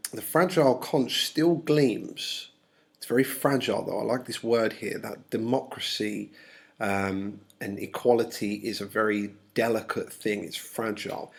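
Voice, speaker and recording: Male English teacher, fairly low voice, explanatory, filler-heavy lecturing. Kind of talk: recorded lesson explanation.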